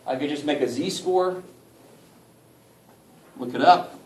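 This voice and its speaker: A math instructor gives a casual college lecture, his slightly high, darkish voice slow and far from the mic in an echoey room picked up from afar. He teaches in a loose, joking way, swears mildly and keeps asking the class to help him out.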